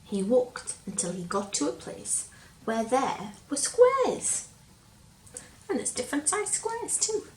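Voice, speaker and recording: A woman reading a picture book aloud to a child, slowly and gently, stopping to ask him questions. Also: high voice, huge pitch swings. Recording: roomy echo, faint hum.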